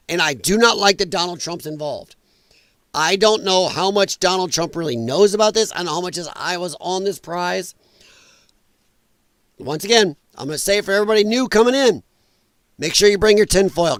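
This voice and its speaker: High-voiced, blunt, ranting male stream host. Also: no echo. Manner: chatty with viewers in chat. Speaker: livestream host. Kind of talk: live political commentary.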